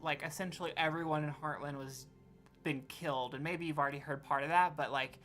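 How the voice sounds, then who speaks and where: A woman with a low voice running a tabletop game, describing scenes in a loose, rambling way and correcting herself mid-sentence. Faint music sits under her voice. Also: fairly even intonation, brisk, fairly bright tone. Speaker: game master.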